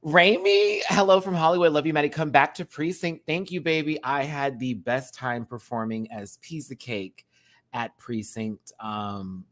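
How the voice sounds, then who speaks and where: A man's voice: fairly high pitch, measured pace, fairly bright tone. A man who performs in drag, giving a sassy, slangy rant reviewing a reality show and thanking his viewers. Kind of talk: casual reaction rant.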